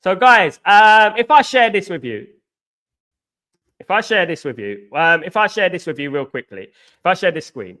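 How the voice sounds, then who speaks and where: A young man hosting a casual football live stream, greeting viewers by name and repeating himself, his voice going hoarse. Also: high-pitched, big pitch swings, moderate pace, pushed and bright. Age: young adult.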